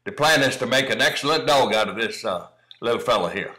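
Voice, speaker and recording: Expressive and fairly quick, this middle-aged man's medium-pitched voice sounds bright and forceful on a low-quality recording. A cowdog breeder, he offers folksy, encouraging running commentary over training video, addressing the listener as "son."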